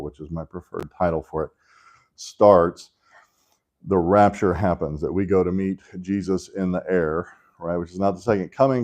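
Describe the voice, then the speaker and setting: Deep-voiced man teaching Bible class. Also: warm tone. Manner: conversational, often checks in with "right?"; joking asides to the class. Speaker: Sunday school teacher.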